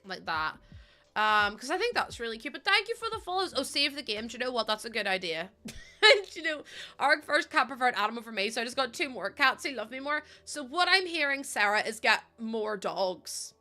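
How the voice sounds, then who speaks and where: A young woman live-streaming a game, chatting casually with her viewers, giggling often and breaking into excited thanks. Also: a little high, a little fast. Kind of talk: casual live-stream chat while gaming. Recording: faint game music behind.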